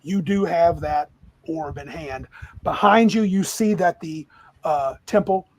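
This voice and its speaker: Man, game master, narrating tabletop game, lively, rambling, husky, higher voice. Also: a little slow, muffled recording.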